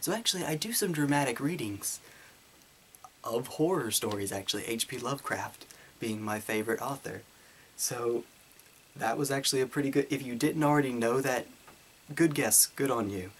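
Man, casual Q&A host, light Southern twang, voice held deep and full, mid pitch. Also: a little hiss or hum. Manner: deliberately deeper, fuller voice to tone down his twang. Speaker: YouTuber answering viewer questions. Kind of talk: casual Q&A monologue.

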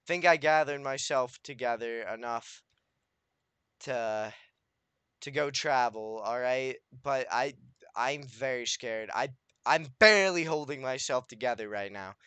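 A young man giving anxious, swearing commentary as he plays a survival game, talking to himself and pleading out loud. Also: medium pitch, a little slow, smooth, dry recording. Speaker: gaming YouTuber. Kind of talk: Minecraft let's play commentary.

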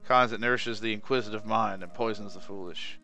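A man's voice: fairly low pitch, brisk, bright, forceful tone, soft background music. A man reading the lines of a sly, grim woman priestess of secrets in a raised, teasing voice. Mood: cryptic.

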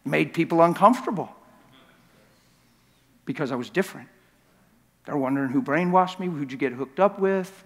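Impassioned preacher in an echoing church. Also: male voice, medium pitch. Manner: impassioned, confessional storytelling. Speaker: guest preacher. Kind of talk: sermon. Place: large church. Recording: long church reverb.

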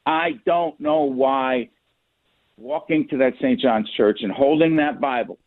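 A man appearing as a guest on a radio show, speaking earnestly and pressing his point in a measured way. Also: medium pitch. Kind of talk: talk radio interview. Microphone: phone. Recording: tinny phone line, dry.

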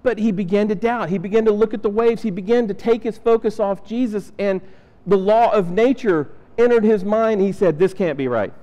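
In a church sanctuary, a man with a high, mellow voice preaches a conversational sermon at a moderate pace, acting out the lines of Bible characters in his stories. The recording is muffled and echoes with church-hall reverb.

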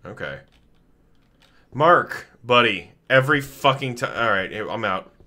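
A man live-streaming a video game, talking to the characters in an animated, profane, joking way. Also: lowish voice, moderate pace. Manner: animated, swears a lot, talks to game characters. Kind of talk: live gaming commentary.

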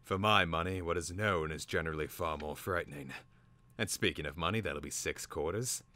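A man voicing a shrewd, complaining male creature who sells charms, wheedling and gruff. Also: low voice, a little fast, bright, forceful tone. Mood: solemn. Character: grumbling male creature peddler, wary, shrewd. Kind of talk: dramatic reading.

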